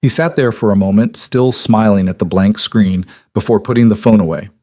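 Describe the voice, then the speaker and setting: Calm and measured, a man with a lowish voice narrates a scripted story. The recording is dry, with no room sound.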